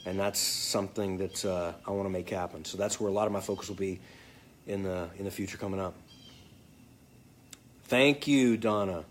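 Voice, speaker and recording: A man's voice: sits low, moderate pace, pauses often, slight background noise. A man casually answering fan comments, joking and swearing freely. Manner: joking, profane, off the cuff. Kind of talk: casual live chat.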